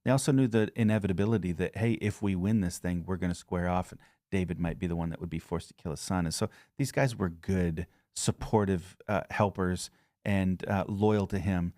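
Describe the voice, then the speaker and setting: Low-voiced man reading scripture, dry sound. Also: brisk, warm tone, dry recording. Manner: reads aloud then chats conversationally. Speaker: pastor.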